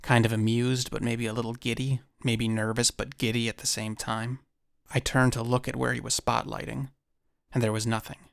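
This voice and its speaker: A man narrating a first-person encounter story in a measured storytelling manner with dry asides. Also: medium pitch, level tone, vocal fry, clean tone, no echo.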